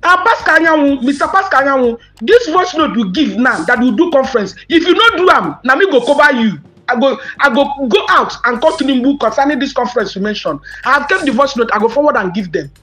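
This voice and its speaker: A woman's voice: sits high, animated, quick pace, few pauses, a bit bright, soft background music. A woman with a Nigerian accent speaking to subscribers in an impassioned monologue, emphatic and mixing Pidgin and English, with outraged questions.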